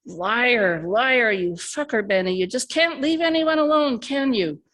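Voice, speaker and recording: A woman reading a story aloud, voicing an angry young man who argues, swears and shouts. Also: high-pitched, lively intonation, measured pace, full character voice. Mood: heated.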